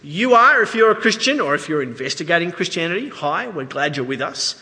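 Australian male pastor, high bright voice, conversational sermon, echoey church hall. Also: brisk. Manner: conversational, animated preaching with asides.

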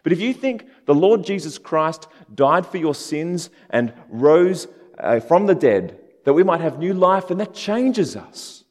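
A man preaching a sermon in a relaxed, conversational way, with casual asides. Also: on the high side, unhurried. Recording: long hall reverb.

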